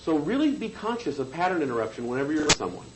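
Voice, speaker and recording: A man's voice: fairly high pitch, sing-song, racing, a little hiss or hum, poor audio. A man teaching a hypnosis seminar, lecturing conversationally and checking in with the room. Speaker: hypnosis trainer.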